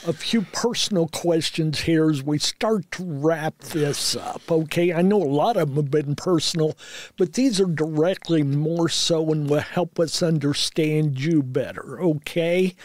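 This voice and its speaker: A male podcast host asking questions in a gentle, deliberate way. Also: a little high, dry recording. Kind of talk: interview questions.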